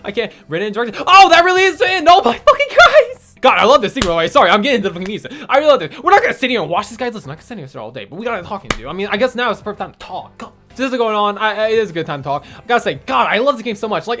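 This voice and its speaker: Young gamer wrapping up a let's play, talks quick, swears a ton, voice jumps all over. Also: medium pitch, a bit bright. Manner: emotional, swears a lot. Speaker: gaming video creator.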